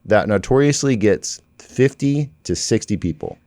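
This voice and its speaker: Low-voiced man telling business stories casually. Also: no room sound. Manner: energetic, informal, fast-flowing with many "like" fillers. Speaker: business owner and podcast guest. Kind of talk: casual conversational storytelling.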